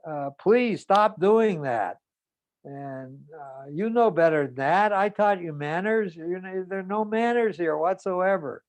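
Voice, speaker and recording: A man's voice: sits high, animated, a little slow, pitched above the performer's own voice. A man doing a harsh scolding old mother.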